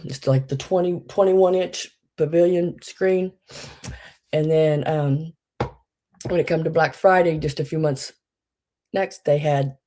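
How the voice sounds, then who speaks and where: A woman hosting a live vintage sale stream, chatting in a folksy way and greeting viewers by name. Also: sits low. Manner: drops into soft muttering asides. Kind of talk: casual live-stream chat.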